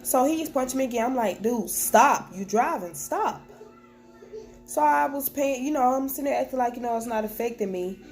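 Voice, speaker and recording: A woman's voice: a little high, lively intonation, normal speed, darkish tone, soft background music. A young woman vlogger talking to the camera at home, telling a personal story in a candid, plain-spoken way and quoting what was said. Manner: candid, plain-spoken retelling with quoted dialogue. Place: at home with children nearby.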